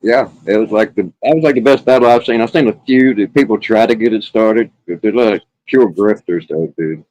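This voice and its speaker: A man's voice: lowish voice, a little fast, a little mellow, no room sound, muffled recording. A man guesting on a livestream panel, brash and boastful, swearing freely in casual chat. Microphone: streaming call mic.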